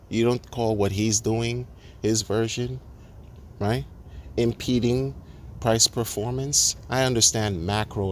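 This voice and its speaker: A man's voice: fairly low pitch, slight background noise. A man ranting indignantly to camera, repeating himself and restarting words as he builds his case. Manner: indignant, repetitive, stammering restarts. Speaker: crypto commentator. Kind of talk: ranting monologue.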